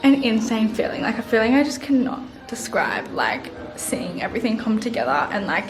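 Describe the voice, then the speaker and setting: A young woman in her twenties, gushing excitedly in a casual vlog, with lots of "like" between her words. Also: on the high side, moderate pace, rough recording. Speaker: vlogger. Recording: background music.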